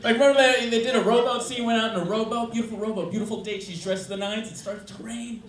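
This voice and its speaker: High-voiced man doing stand-up. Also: fast talker. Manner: dry, deadpan delivery that builds to loud yelling. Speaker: stand-up comedian. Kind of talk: stand-up set. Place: comedy club stage. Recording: roomy, distant live club recording with loud crowd. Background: loud audience laughter.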